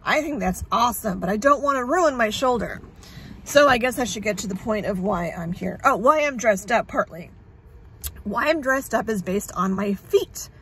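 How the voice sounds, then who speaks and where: A woman's voice: fairly high pitch, animated, moderate pace, fairly bright tone, slight background noise. A woman talking candidly in a casual vlog, sarcastic and frazzled, rambling and swearing freely. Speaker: vlogger sharing her illness journey.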